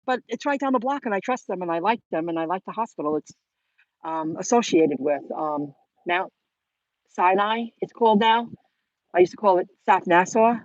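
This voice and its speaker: A woman's voice: medium pitch, animated, normal speed, a little mellow, no echo, muffled recording. A woman host, chatting to camera in a rambling, chatty way with many restarts. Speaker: channel host. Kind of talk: casual chat to camera.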